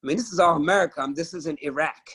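A man's voice: fairly high pitch, fast talker, a bit bright, slightly rough. A middle-aged man, a musician guest on a video call, talking with passion and emphasis and swearing freely. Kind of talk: candid conversational interview.

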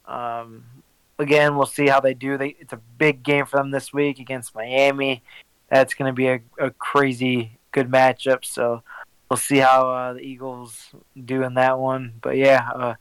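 A man co-hosting a casual sports podcast, talking in an easygoing, steady way with light laughter. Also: mid-range voice, a little slow, clean tone, no echo, poor audio. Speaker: podcast co-host.

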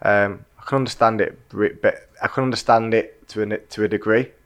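A man's voice: fairly low pitch, fairly even intonation, a bit bright. Chatty Mancunian man asking questions. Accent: Manchester. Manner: chatty, laughs often, quick asides. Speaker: interviewer. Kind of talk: casual conversation.

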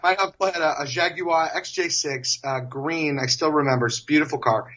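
A man in his forties, a guest telling stories in a casual, animated way, often laughing as he talks. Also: fairly high pitch, fairly quick, highs cut off. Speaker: interview guest. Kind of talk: casual storytelling.

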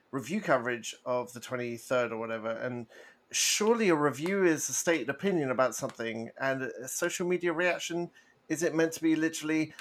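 A podcast co-host with a medium-pitched, slightly bright voice keeps the chat casual, joking and laughing often.

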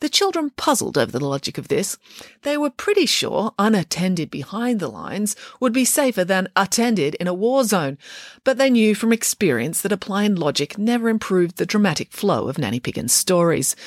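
Casting: woman narrator for a children's book, lively melodic reading, close dry mic. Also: lowish voice, moderate pace, no room sound. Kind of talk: audiobook narration.

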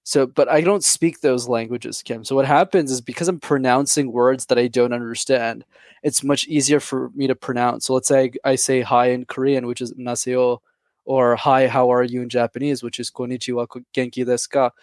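A man from Montreal with a light Quebec accent, a guest on an interview who talks in a friendly, quick way. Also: mid-range voice, fairly even intonation, a little mellow, dry recording. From Canada, Montreal. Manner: friendly, quick, with laughs and restarts. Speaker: guest, YouTube channel host. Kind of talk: casual interview chat.

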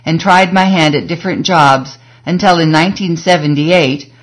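Measured woman audiobook narrator. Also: low voice.

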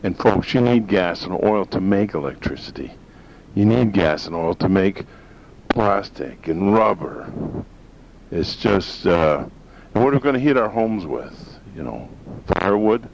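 A man's voice: low voice, lively intonation, a little slow, creaky. A man from northern Maine hosting a talk radio show, rambling in a folksy, opinionated way. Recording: dull lo-fi sound with faint hiss.

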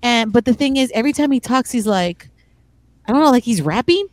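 A woman's voice: on the high side, expressive, fairly quick, darkish tone, dry recording. A woman co-hosting a podcast, telling stories in an emphatic, exasperated way. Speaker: podcast co-host. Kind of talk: casual chat.

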